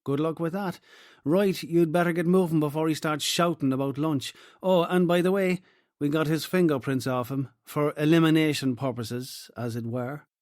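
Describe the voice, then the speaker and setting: Man doing a hearty Cork inspector, pitched up. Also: steady tone, normal speed, a little mellow, dry recording, clean studio sound, lightly acted. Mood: hearty, chatty. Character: genial middle-aged Cork police inspector.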